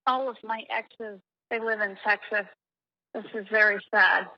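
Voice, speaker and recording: A woman's voice: medium pitch, steady tone, measured pace. A woman calling in to a podcast with a recorded message, crude, self-mocking and dramatic. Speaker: caller. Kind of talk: recorded voicemail question. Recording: dull lo-fi phone message.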